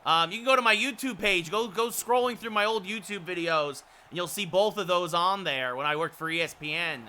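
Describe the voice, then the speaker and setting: A man's voice: high voice, a little fast, slight background noise. A man chatting with his livestream viewers while calling hockey play-by-play in a video game. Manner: chatty, switching to excited hockey play-by-play calls. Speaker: streamer. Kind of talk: livestream gaming chat with play-by-play.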